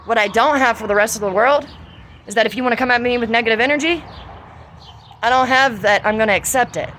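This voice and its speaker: A middle-aged woman with a Southern US accent, venting in a profane, confrontational vlog monologue that rises to shouts. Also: on the high side, quick pace, slight background noise. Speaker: vlogger.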